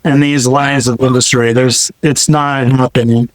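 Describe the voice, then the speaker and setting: A man's voice: mid-range voice, level tone, normal speed, no echo, rough recording. A man appearing as a guest on a podcast, speaking in a blunt, joking, plainspoken way. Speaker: guest, wealth manager. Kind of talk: casual interview chat.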